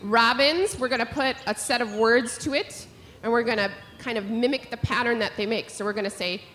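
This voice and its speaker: A woman's voice: fairly high pitch, fairly quick. Woman teaching bird calls on stage. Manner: animated, imitates bird calls. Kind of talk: live audience bird call lesson. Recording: hall reverb, faint noise.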